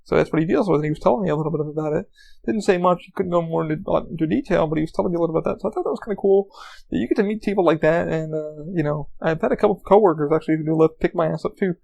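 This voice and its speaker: A man's voice: fairly high pitch, racing, gravelly, a little mellow. A man hosting a podcast, telling rambling, profane anecdotes in a casual monologue. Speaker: podcast host.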